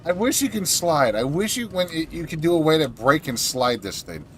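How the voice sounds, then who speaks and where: Male streamer, goofy and laughing, cusses casually, slightly high voice. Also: very animated, moderate pace, faint music behind. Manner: goofy, laughing, swears freely. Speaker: gaming streamer. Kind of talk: casual gaming commentary.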